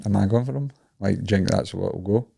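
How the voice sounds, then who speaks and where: A man's voice: on the low side, fast, vocal fry, mellow, husky. A young Scottish man co-hosting a podcast, bantering, laughing often and swearing freely. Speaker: podcast co-host and fighter. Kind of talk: casual chat.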